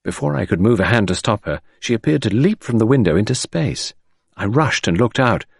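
Guy narrating an audiobook, husky, lots of pitch movement, dry mic. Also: animated, a little fast, dry recording.

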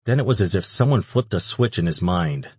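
Low husky guy reading an audiobook, dry close mic, steady delivery. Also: brisk, no echo. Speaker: audiobook narrator. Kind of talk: scripted narration.

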